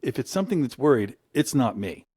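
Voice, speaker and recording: A man's voice: medium pitch, sing-song, a little fast, mellow, slightly rough, no room sound, studio quality. A middle-aged man from the United States, telling stories in an earnest, reflective conversation. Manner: earnest, storytelling, voice lifts when quoting. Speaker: guest.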